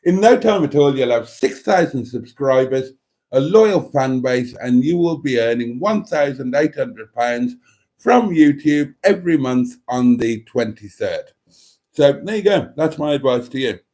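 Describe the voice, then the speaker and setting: A man's voice: mid-range voice, lively intonation, a little slow, a little mellow. A man hosting a casual livestream, reading viewer comments aloud and rambling with dry, self-mocking humour. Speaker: livestream host.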